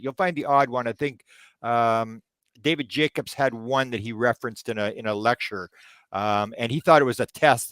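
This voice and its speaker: A man's voice: mid-range voice, no echo. Rambling older Canadian man, dry sound. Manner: hesitant, frequent restarts and ums, then animated when retelling stories. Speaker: guest researcher. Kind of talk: rambling anecdotal interview answers.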